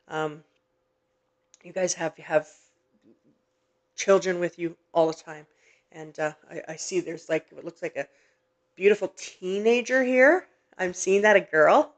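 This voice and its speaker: Soft-spoken, earnest woman medium host. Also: on the low side, measured pace, pauses often. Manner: gentle, earnest, many hesitant fillers; emotionally moved, softly reassuring. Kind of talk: live-streamed spirit reading.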